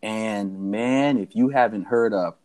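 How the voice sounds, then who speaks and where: A man's voice: on the low side, slow. A young man, co-host of a podcast, telling a story in casual chat and acting out the people in it. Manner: animated storyteller who acts out the voices of people in his story.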